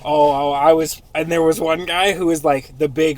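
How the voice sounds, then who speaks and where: Crude joking man, higher voice. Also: fairly even intonation, moderate pace. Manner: crude, joking, laughs often. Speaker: podcast host. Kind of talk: casual podcast chat.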